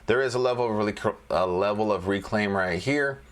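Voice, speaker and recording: A man with a somewhat low voice talks his way through stock charts in a loose, joking manner. He repeats phrases as he thinks aloud and keeps it casual, like a relaxed trading lesson. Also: brisk. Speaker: trading educator.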